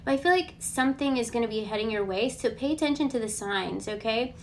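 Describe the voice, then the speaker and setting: A woman giving a casual collective tarot reading, relaxed and reassuring. She thinks aloud and often checks in with a questioning "okay?". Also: on the high side, quick pace, a little hiss or hum. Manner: chatty, ends points with a questioning "okay?". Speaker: tarot card reader.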